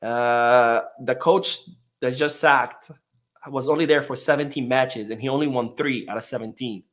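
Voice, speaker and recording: A man's voice: medium pitch, fairly even intonation, fairly quick, a bit bright. A man hosting a casual live-stream podcast, reading chat comments in a loose, chatty way with many fillers.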